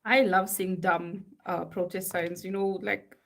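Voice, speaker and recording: A woman's voice: lowish voice, little pitch movement, a little slow. A woman, chatting casually while she works on art. She reads silly slogans aloud in a playful, mock-serious chant. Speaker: artist live-streaming.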